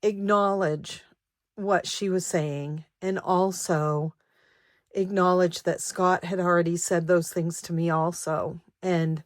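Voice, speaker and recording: A woman in her sixties, a savings vlogger, who talks in a halting, reflective and emotional way, with many ums and restarts. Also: fairly low pitch, steady tone, no room sound, studio quality. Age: 60s. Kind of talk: personal vlog chat.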